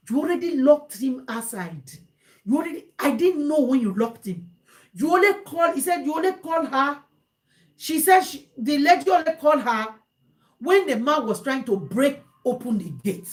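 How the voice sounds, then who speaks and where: A woman with a Nigerian accent recounts a viewer's story to her audience, animated and exasperated, often repeating herself. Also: sits high, normal speed. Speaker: vlogger giving advice.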